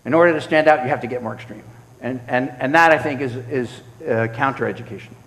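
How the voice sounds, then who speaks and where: A man's voice: medium pitch, quick pace. A man answering audience questions at a synagogue award event, telling stories in a loose conversational way with many restarts and acted-out quotes. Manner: animated storyteller, acts out quotes, frequent restarts. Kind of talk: conversational Q&A talk. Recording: reverberant hall.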